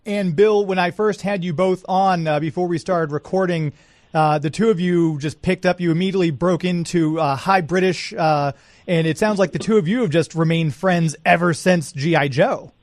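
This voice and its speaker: A man's voice: sits high, normal speed, no room sound, studio quality. A man hosting a radio interview, eager and enthusiastic, with many "uh"s as he introduces and questions his guests. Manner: eager, enthusiastic, filler-heavy. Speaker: radio host.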